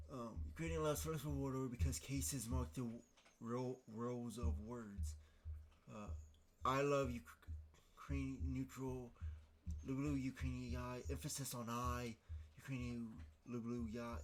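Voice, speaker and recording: Man musing aloud with frequent fillers. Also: medium pitch. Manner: hesitant, many fillers and restarts, thinking aloud. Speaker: podcast host. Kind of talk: casual explanatory monologue.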